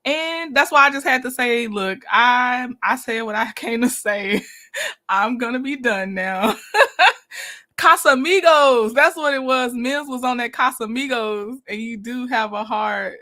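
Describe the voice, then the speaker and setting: A livestream host with a high, bright female voice chats in a loose, casual way, greeting viewers warmly by name. She laughs often and never seems to hurry.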